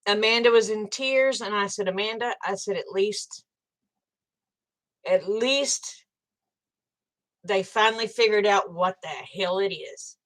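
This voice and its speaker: An older woman hosts a livestream, casually chatting with viewers while angry, blunt, and swearing freely. Her mid-range voice is a bit bright and a little slow, with long pauses.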